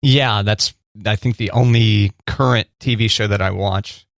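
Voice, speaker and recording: A man co-hosting a radio show, teasing his partner and answering with quick short replies. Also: lowish voice, fairly even intonation, gravelly, no echo, clean studio sound. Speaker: radio co-host. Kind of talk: morning radio show chat.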